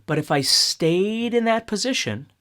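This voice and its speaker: A man's voice: high-pitched, a little slow. Man teaching guitar over his playing. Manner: relaxed, explains step by step, checks in with "okay?". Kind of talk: casual video lesson. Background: acoustic guitar playing.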